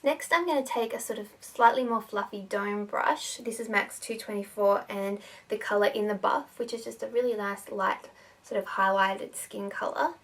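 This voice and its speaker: A woman's voice: mid-range voice, moderate pace, fairly bright tone, far from the mic. A woman giving a casual makeup tutorial, talking in a chatty way with lots of fillers.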